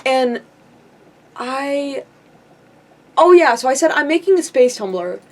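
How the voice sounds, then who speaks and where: A woman's voice: high voice, lively intonation, slow pace. Rambling young woman, storytime vlog. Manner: rambling, giggly, lots of likes and ums. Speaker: vlogger.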